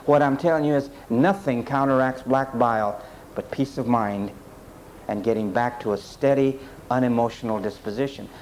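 A man's voice: mid-range voice, a little mellow, a little hiss or hum, low-quality recording. A man preaching a sermon, speaking straight to his congregation in an emphatic, repetitive style. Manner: addresses the congregation directly.

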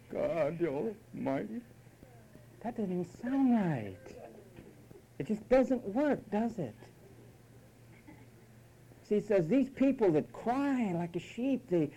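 A man's voice: high voice, warm tone, poor audio. A man preaching a sermon, emphatic and mocking, at times imitating whiny voices.

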